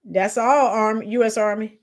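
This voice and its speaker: A woman talking casually on a live stream, her voice a little high for a woman. She reacts to clips with sarcasm and mockery and keeps calling out to her chat. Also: fairly even intonation, normal speed. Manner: sarcastic, mocking, chatty with viewers.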